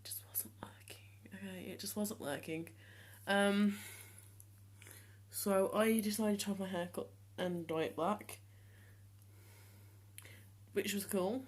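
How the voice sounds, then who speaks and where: A seventeen-year-old young man talking casually to the camera in a vlog, hesitant with many ums and restarts, speaking in a voice he has deliberately trained lower. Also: fairly even intonation. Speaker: vlogger.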